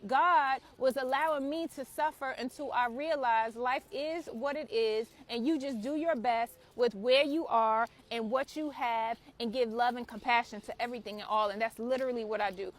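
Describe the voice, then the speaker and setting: A woman with a high-pitched voice delivers a blunt, preachy spiritual talk straight to camera. She swears freely as she lectures her viewers. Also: steady tone, moderate pace, few pauses. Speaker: spiritual author and channel host.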